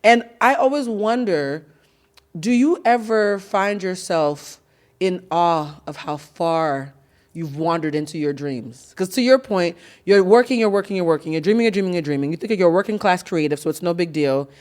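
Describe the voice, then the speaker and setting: A woman hosting a podcast in casual chat, animated and laughing, acting out bits of dialogue with plenty of swearing. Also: lowish voice, moderate pace. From Haitian-Cuban family. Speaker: podcast host.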